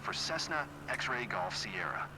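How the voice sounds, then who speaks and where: A terse male pilot, voiced by a man reading back frequencies and callsigns in clipped radio style. His pitch moves about in a lively way, and a clear hum of engine noise sits under the game radio audio. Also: measured pace, lightly acted.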